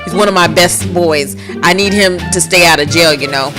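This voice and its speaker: A woman's voice: fairly low pitch, normal speed, music in the background, natural voice. A woman voicing a scheming elderly gang matriarch. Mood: insistent. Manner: firm, protective and commanding.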